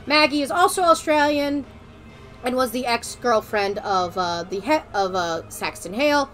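Woman streamer, high and giggly, rambling excitedly over faint background music. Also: takes it slowly. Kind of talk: casual chat.

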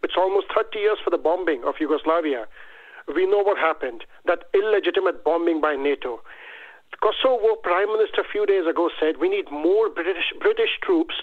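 A man's voice: fairly high pitch, lively intonation, brisk. A male caller to a talk show, asking an earnest question over the phone. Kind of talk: phone-in call. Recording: tinny phone line.

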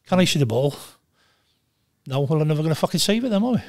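An older man in his sixties, talking bluntly and with lots of swearing in a casual interview, telling animated stories. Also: a little high, fast, dry recording. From Wales. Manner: blunt, profane, animated storytelling. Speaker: guest, former goalkeeper.

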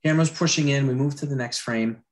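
A man teaching storyboard drawing in a live demo, with a dry throat he keeps clearing. He talks loosely and chattily, with many fillers and restarts. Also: medium pitch, quick pace.

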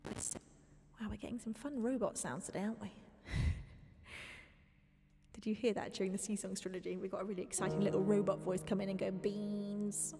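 A woman, a singer-songwriter, chatting softly and affectionately with viewers between songs, sometimes dropping to a whisper. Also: medium pitch, steady tone, fast talker, gravelly, soft background music. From United Kingdom. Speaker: singer-songwriter streaming a live music show.

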